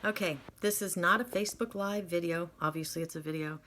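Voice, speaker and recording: A woman's voice: on the low side, fairly quick, sharp tone, slight background noise. A woman casually telling her own story to camera at home, chatty with self-mocking humor.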